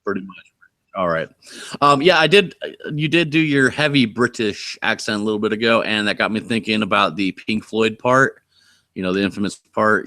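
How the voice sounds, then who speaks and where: A man's voice: on the low side, expressive, fairly quick, pushed and bright, dry recording. A man from Oregon hosting a casual live stream, chatty and rambling as he thinks aloud. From Oregon, USA. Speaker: host.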